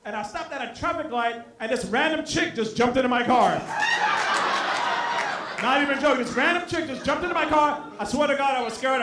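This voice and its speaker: A man doing a stand-up comedy set, telling profane stories in an animated way with bursts of laughter. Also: extremely high pitch, reverberant. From Brooklyn. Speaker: stand-up comic and show host. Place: comedy venue with a live audience.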